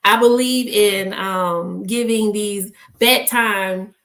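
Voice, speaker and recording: A woman's voice: mid-range voice, steady tone, slow pace, fairly bright tone. A woman hosting a ministry livestream, giving casual, encouraging bedtime words and blessing her viewers. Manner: upbeat, blessing viewers, easygoing fillers. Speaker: ministry host. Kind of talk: casual encouraging devotional talk.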